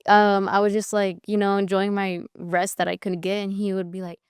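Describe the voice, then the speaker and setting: A young woman tells stories in a lively, chatty way, slipping into the voices of the people she quotes. Her voice is very clear and crisp, at an average pitch. The sound is dry and close-miked. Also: moderate pace, few pauses, dry recording. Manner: chatty storyteller, acts out quotes, laughs often. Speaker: guest, daughter of the host. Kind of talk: casual family interview.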